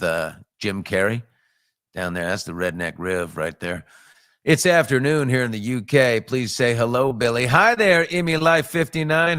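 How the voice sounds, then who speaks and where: A man's voice: clear, resonant tone, dry recording. A middle-aged man hosting a casual morning show from a home studio, greeting viewers with bouncy, upbeat chatter. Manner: upbeat, shouting out viewers with jumps in pitch. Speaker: host.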